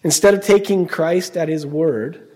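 A man's voice: a little high, unhurried, a little mellow. A middle-aged man preaching a sermon, emphatic, often asking the congregation questions and answering them. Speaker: pastor.

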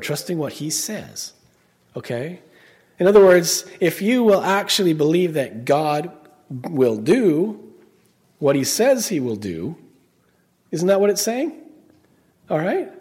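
A man's voice: fairly high pitch, darkish tone. Emphatic middle-aged male preacher. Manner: emphatic, asks the congregation questions. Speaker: pastor. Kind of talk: sermon.

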